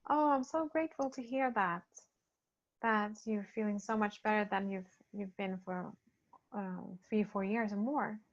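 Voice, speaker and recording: A woman spiritual healer talking casually, gently and hesitantly, as she reads and answers feedback from participants. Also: medium pitch. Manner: soft-spoken, gentle, hesitant with many pauses and fillers. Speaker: spiritual healer leading a program. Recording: dull lo-fi recording.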